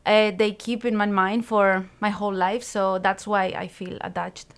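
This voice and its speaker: A woman's voice: mid-range voice, level tone, normal speed, clean tone. A woman from Spain in her forties, a guest on a radio show, speaking English with a Spanish accent as a second language and sometimes searching for words. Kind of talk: casual radio interview. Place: radio studio.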